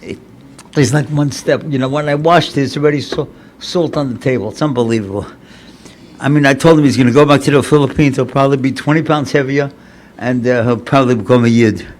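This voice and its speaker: A rabbi and lecturer in his seventies gives an inspirational sermon in an earnest, conversational way, often repeating phrases for emphasis. He is recovering from paralysis, and his speech is slightly impaired. His mid-range voice runs a little fast, with a little hiss or hum in the background.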